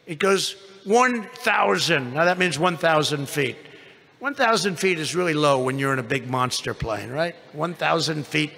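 A man's voice: a little high, moderate pace, creaky, pushed and bright. An older man giving a rambling rally speech, telling an anecdote full of repeated superlatives and asides. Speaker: rally speaker. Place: large indoor convention venue. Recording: long reverb of a big arena.

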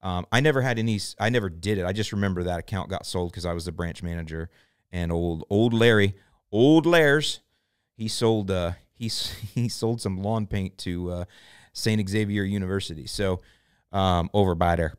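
A man's voice: lowish voice, clean tone, no room sound, clean studio sound. A man hosting a podcast, talking casually and playfully, laughing often and rambling. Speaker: podcast host. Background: faint music.

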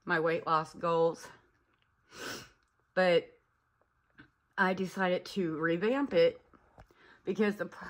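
A woman talking to her own camera at home in a personal vlog, nervous and tearful, halting with fillers and a shaky voice. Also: fairly low pitch. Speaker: vlogger. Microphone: camera mic.

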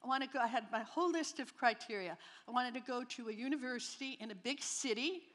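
Speaking fast in a fairly high, bright voice, a New Jersey woman in her 70s from near New York City shares her personal faith testimony at a Christian rally. She is funny and frank, and her words ring out with the long echo of a big hall.

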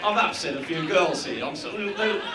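A man's voice: fairly high pitch, expressive, moderate pace, heavy background noise. A man with an Australian accent doing a crude live stand-up routine, joking at the crowd. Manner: crude, brash jokes aimed at the crowd. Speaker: stand-up comedian. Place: stage in front of a live audience. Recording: roomy live venue recording with audience.

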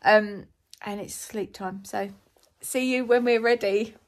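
A woman's voice: medium pitch, fairly even intonation, slow pace. A woman chatting to camera in a casual vlog, tired and giddy, a chatty storyteller who laughs a lot. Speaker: vlogger.

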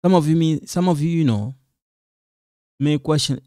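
A man's voice: on the high side, moderate pace, warm tone, dry recording, clean studio sound. A man teaching French, patiently repeating phrases for learners as he goes through a quiz. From Congo. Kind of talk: quiz walkthrough lesson.

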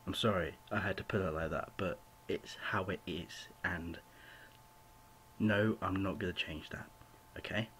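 Young man, home vlog rant, rambling and apologetic, low-ish voice, faint room hiss. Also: unhurried, a bit bright. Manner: rambling, apologetic, full of "you know" fillers. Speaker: vlogger.

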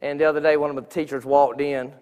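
Guy sharing his testimony at church, kinda high voice, big echoey sanctuary reverb. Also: level tone, quick pace, darkish tone, clear, resonant tone. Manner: earnest, conversational, frequent restarts. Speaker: church speaker giving testimony. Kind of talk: informal sermon testimony. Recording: long reverb of a church hall.

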